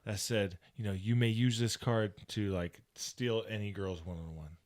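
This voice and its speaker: Young male podcast co-host, lower pitch, loose rambling delivery full of fillers. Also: fairly even intonation, normal speed. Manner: rambling, lots of fillers, acts out quotes in a mock girly voice. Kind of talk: casual chat.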